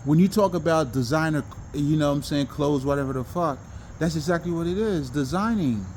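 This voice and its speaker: A man delivers a loose, animated self-help monologue, full of profanity and restarts. His voice sits fairly high. Faint insect noise hums behind him. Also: brisk. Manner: animated, profane, rambling with many restarts and laughs. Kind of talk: casual spoken monologue.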